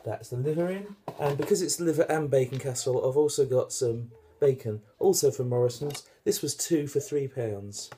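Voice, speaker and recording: British male home-cook host, warm dark timbre, faint background hiss, jokey kitchen patter. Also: mid-range voice, moderate pace, few pauses. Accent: British English. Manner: chatty, joking, self-deprecating. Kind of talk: casual cooking demonstration.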